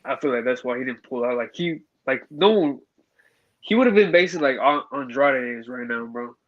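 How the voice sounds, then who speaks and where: A man's voice: mid-range voice, lively intonation, brisk, highs cut off. A man co-hosting a casual boxing chat, laid-back, saying "bro" a lot.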